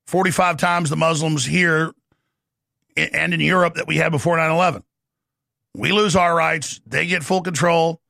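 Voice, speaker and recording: A middle-aged man hosting a talk show, delivering a forceful, rapid, ranting monologue from a studio. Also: on the high side, gravelly, no room sound. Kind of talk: impassioned talk radio monologue.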